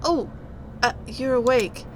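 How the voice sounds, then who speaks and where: A woman's voice: a little high, expressive, slow pace, background noise. A woman voicing a shy, awkward, lonely male wraith who stammers and hesitates. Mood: awkward, nervous. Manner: stammering, hesitant, soft-spoken.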